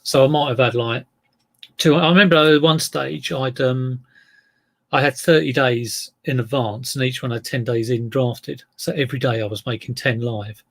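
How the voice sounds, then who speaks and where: A man's voice: mid-range voice, steady tone, normal speed, vocal fry, fairly bright tone. A middle-aged man chatting casually on a live stream as an eBay reseller, rambling and greeting viewers by name.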